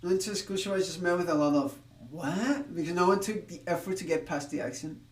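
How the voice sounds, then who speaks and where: A man's voice: high voice, brisk, roomy sound, recorded from a distance, rough recording. A man from Spain chatting casually on a live stream, rambling with restarts, laughing and swearing now and then.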